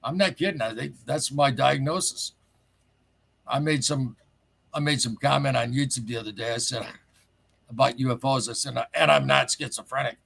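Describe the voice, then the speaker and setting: A man calling in to a show, telling a strange story in a rambling, excitable way and swearing casually. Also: mid-range voice, normal speed, gravelly, slightly rough. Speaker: caller sharing a paranormal story.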